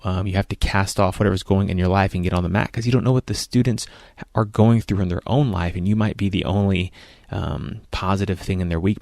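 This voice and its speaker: A deep, gravelly man hosts a casual podcast interview, upbeat and chatty. His voice sits dry and close, with no room around it. He often stumbles and restarts as he talks. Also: a little mellow, dry recording. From United States. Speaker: podcast host.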